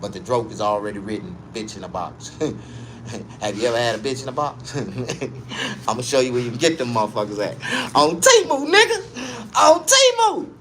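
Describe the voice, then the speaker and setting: A male comedian telling a raunchy, profane story, swinging between low muttering and loud, high yelps. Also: moderate pace, slight background noise.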